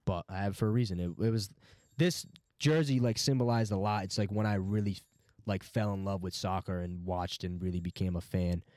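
Young male podcast co-host, lowish voice, swears casually, dry close mic. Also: fairly even intonation, brisk, a little mellow, dry recording. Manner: loose and profane, tells stories with filler words. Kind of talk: casual chat.

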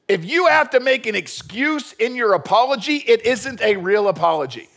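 A male pastor preaching a sermon in an animated way. He asks rhetorical questions and acts out quotes. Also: very high-pitched, moderate pace, gravelly.

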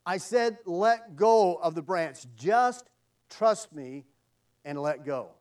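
Preacher doing God: calm, patient, steady; higher voice, mic a little far. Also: male voice, takes it slowly. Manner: calm, gently instructing.

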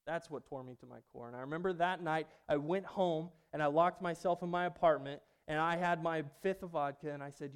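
A man preaching a personal testimony sermon, moving between hushed passages and loud outbursts. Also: a little high, quick pace, clear, resonant tone. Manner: dynamic, swings from hushed to loud.

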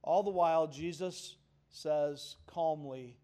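A man preaching with a high, clear-pitched voice and slow, deliberate pacing. He is earnest and emphatic, and he draws the congregation into call-and-response. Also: darkish tone. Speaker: pastor. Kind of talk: sermon.

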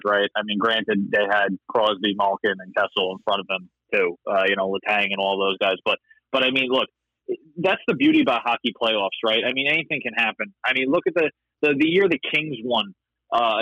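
A man in a casual hockey panel chat, animated and acting out quoted players. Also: fairly low pitch, no echo, muffled recording.

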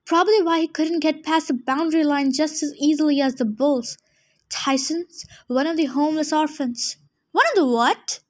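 A woman voicing a clever, cool-headed teenage girl who speaks calmly and matter-of-factly. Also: sits high, moderate pace, natural voice.

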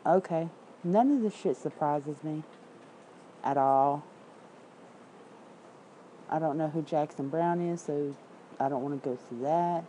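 A woman's voice: low voice, warm tone, slight background noise, poor audio. A woman from Memphis with a Southern accent, chatting casually and bluntly with viewers while she reads out headlines and comments, swearing freely. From Memphis, Tennessee. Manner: blunt, profane, reads comments and headlines aloud with quick asides. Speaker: independent writer streaming to viewers. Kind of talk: casual livestream chat.

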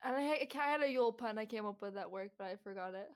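A woman's voice: a little high, fast talker. A woman co-hosting a casual podcast, joking and swearing freely as she explains folklore. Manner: giggly, swears freely, jokey asides. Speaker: podcast co-host. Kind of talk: casual chat.

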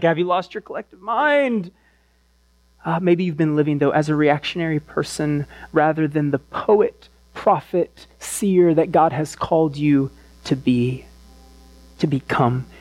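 Male preacher, slangy and emphatic, fairly high voice, dry sound. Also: a little mellow, dry recording. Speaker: pastor. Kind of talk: sermon.

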